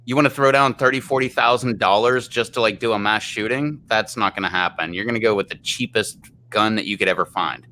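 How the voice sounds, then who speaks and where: Argumentative man, bright voice. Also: fairly low pitch, a little fast, slight background noise. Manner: argumentative, explains at length. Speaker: host. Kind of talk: casual chat.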